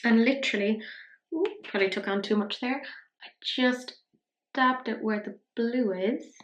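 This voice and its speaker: A woman's voice: fairly high pitch, measured pace, echoey room, slight background noise. A young woman chatting casually through a makeup tutorial, self-mocking, sometimes dropping to a whisper as she works. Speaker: beauty vlogger.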